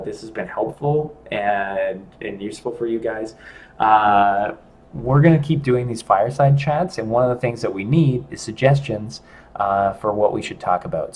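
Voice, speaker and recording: A middle-aged man hosting a casual livestream chat, talking in a rambling, halting way with many restarts. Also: mid-range voice.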